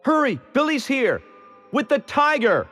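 A frightened, blunt young girl who scolds and swears, her voice pitched well up above the man reading her and swinging widely. She sounds tense and fretful throughout. Soft music sits underneath the storybook reading. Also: big pitch swings, moderate pace, breathy edge. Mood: anxious.

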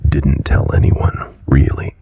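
A man voicing a nervous, frightened young man in a horror story, with a gravelly, husky voice. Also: slow, dark tone, lightly acted.

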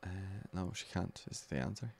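A man's voice: low-pitched, animated, fairly quick, gravelly. An Irish man commentating his own football video game match live, anxiously urging his players on.

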